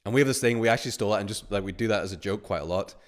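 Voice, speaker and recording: A man with a lowish voice hosts a live webinar at a quick clip. He talks casually and rambles through anecdotes, acting out the quotes and letting a swear word slip now and then. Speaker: course host. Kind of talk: live webinar talk with chat questions.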